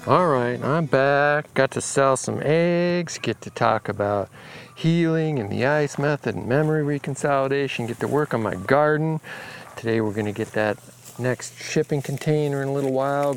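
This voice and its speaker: A man casually recounting a conversation with someone he helped, in a relaxed storytelling way, speaking outdoors on a rural property. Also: mid-range voice, moderate pace, a little hiss or hum. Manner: relaxed, retells conversations with quoted dialogue. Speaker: healing coach.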